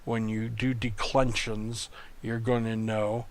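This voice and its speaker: A man's voice: fairly low pitch, level tone, slow. A man tutoring in a recorded online lesson, explaining patiently and methodically, often repeating words. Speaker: Greek tutor.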